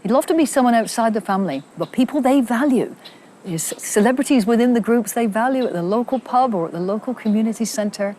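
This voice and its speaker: Woman, psychologist, mellow warm tone, calm explaining, faint background noise. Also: a little high, fast talker. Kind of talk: interview answer.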